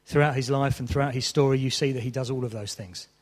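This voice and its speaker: A man's voice: mid-range voice, fairly even intonation, fast talker, long reverb tail. A man preaching a sermon, telling a story with mock exasperation.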